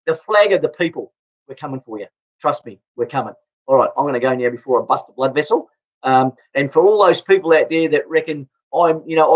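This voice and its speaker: An Australian man delivering an angry, blunt political rant, swearing and stumbling over repeated restarts. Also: on the high side. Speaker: political vlogger. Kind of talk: angry ranting monologue. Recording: dull lo-fi recording.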